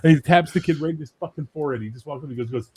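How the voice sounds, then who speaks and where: A man in casual chat, telling profane, animated anecdotes and acting out the people in them. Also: fairly high pitch, very fast, husky.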